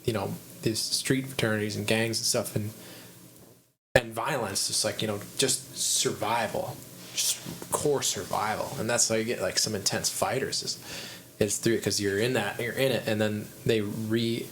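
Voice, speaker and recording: A man hosting a podcast, chatting casually in a rambling, animated way with frequent restarts. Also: on the low side, normal speed, a little hiss or hum, rough recording. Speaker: podcast host. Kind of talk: casual conversation.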